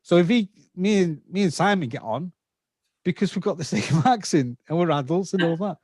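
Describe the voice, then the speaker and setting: A man's voice: sits high, lively intonation, normal speed, darkish tone, slightly rough, dry recording, clean studio sound. Man with a slight Scouse accent, explaining earnestly. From England. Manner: earnest, explains at length and checks in with the listener. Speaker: podcast guest. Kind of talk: casual interview talk.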